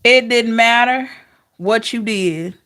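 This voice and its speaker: A woman's voice: a little high, slow, bright, forceful tone. A woman giving an intuitive tarot reading, emotional and talking straight to her viewers. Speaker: tarot reader.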